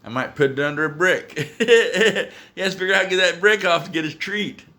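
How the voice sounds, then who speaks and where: A man telling casual stories to the camera at home about his dog, animated and chuckling as he goes. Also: sits high, a little fast. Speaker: dog owner.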